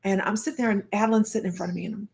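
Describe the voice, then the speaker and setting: An older woman, a psychic medium, telling a personal story in a chatty, animated way with frequent laughter. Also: mid-range voice, racing, gravelly. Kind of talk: storytelling monologue.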